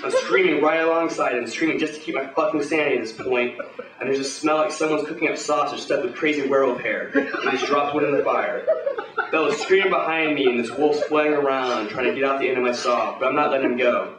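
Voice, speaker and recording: A man's voice: mid-range voice, fast, reverberant, recorded from a distance, noisy background. A man performing a hard-boiled pulp story live at a bar, with swaggering, profane tough-guy narration. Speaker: performer at an open reading.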